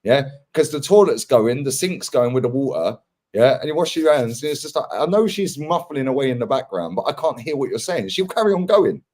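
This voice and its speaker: Slangy London bloke, husky laughing storyteller. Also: male voice, medium pitch, animated, a little fast, a little mellow. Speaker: podcast host. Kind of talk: casual banter.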